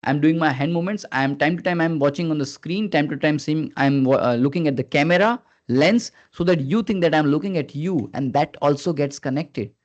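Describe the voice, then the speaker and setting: A man in a fairly high register, running a live online skills class. He is earnest and coaxing, prompts his listeners again and again, and lets his pitch rise and fall on purpose. The sound comes through muffled and lo-fi, as over a video call. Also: a little fast, few pauses. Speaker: communication skills trainer. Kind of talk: live online training session. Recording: dull lo-fi video call audio.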